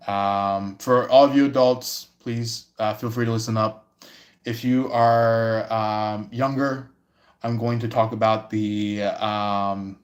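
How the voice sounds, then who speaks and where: A man giving a casual livestream tarot reading, rambling with many pauses and fillers. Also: mid-range voice. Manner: rambling, lots of fillers and restarts.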